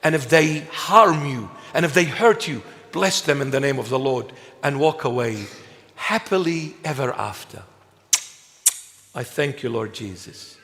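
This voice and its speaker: Slow, emphatic preaching man in echoing hall. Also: medium pitch, animated, a bit bright. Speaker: bishop. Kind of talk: sermon. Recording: long reverb of a large hall.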